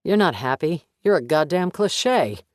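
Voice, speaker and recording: A man's voice: on the high side, sing-song, moderate pace, dry recording, studio quality. A man voicing a persuasive, needling FBI boss with a coaxing, slightly raised tone.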